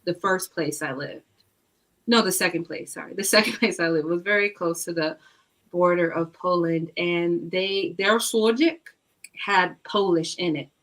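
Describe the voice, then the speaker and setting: A woman with a slightly low voice tells stories in a relaxed chat. She talks in an animated way, with lots of fillers and laughs along the way. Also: a little slow. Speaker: book club guest. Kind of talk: casual chat.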